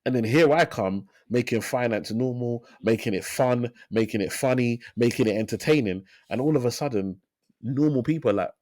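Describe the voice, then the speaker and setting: A man in his thirties, a financial advisor, talking in a casual interview as an energetic storyteller who repeats phrases for emphasis. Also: medium pitch, normal speed, no echo, clean studio sound. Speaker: financial advisor, podcast guest.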